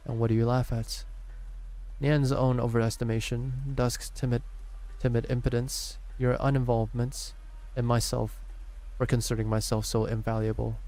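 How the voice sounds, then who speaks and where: Man, streamer, reading game story dialogue aloud, gravelly fry, mellow dark tone, stumbles and restarts words. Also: mid-range voice, flat delivery. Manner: reads deliberately, with slips and restarts on words.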